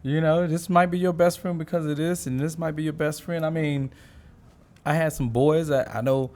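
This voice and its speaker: A man co-hosting a casual podcast conversation, talking in an animated way and slipping into quoted street talk. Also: on the high side, moderate pace. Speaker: co-host. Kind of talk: casual chat.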